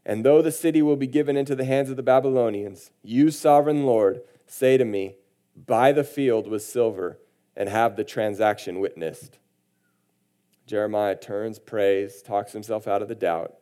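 A man's voice: lowish voice, moderate pace, warm tone. A man preaching a sermon, reading scripture aloud with emphasis and then commenting on it in a conversational way. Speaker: pastor.

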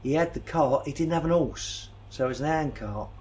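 A man's voice: on the high side, a little fast, a little mellow, lightly acted. A man with a London accent playing an elderly retired footballer in an improvised comic interview, hesitant and repeating himself, in a mildly put-on posh voice. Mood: deadpan. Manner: hesitant, repeats words, dry understatement. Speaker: guest.

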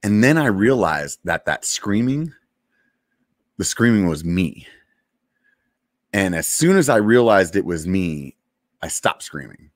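A man in his forties, a military veteran, casually telling a story from his service, laid-back and profane with lots of fillers and pauses. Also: low voice, very animated, dry recording, clean studio sound.

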